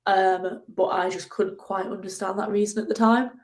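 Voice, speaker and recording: Animated young woman telling a story. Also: normal speed, background noise. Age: 20s. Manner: animated, acts out her own angry outbursts in a higher voice. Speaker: guest, ocean rower. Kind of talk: casual interview storytelling.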